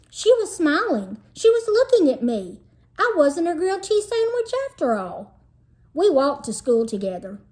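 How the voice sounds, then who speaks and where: A woman, a teacher, reading a children's novel aloud in a lively storytelling manner. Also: sits high. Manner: lively storytelling, shifts into character voices. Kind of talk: expressive read-aloud narration.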